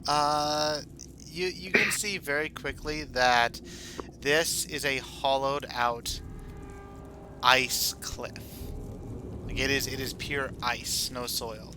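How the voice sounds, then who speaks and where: A man running a tabletop game as dungeon master, narrating in a chatty, animated way. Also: medium pitch, slow, a little hiss or hum.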